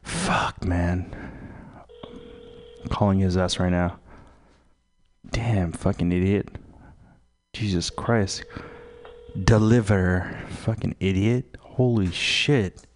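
A man hosting a live community radio show, rambling slowly and swearing freely between music. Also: sits low, steady tone, slight background noise. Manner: profane, slow and meandering. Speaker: radio host.

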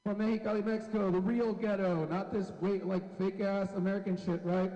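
A man's voice: sits high, little pitch movement, a little fast, mellow, highs cut off. A man doing a stand-up comedy set on a club stage, brash and profane as he teases the crowd. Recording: echoey hall.

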